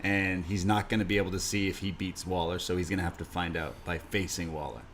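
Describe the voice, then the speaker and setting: A man co-hosting a podcast, chatting about wrestling with enthusiasm and jokes, quick to laugh. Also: low-pitched, steady tone, slight background noise. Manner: enthusiastic, joking, laughs easily. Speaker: podcast co-host. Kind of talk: casual wrestling chat.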